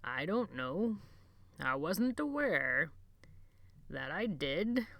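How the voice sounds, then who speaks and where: A frail, gentle old librarian, as a woman reader puts him on, talking in a hoarse near-whisper. His words come slow and halting, drifting dreamily from phrase to phrase, as in a spoken storybook. The sound is close and dry. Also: fairly low pitch, very animated, no room sound, exaggerated voice. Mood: wistful.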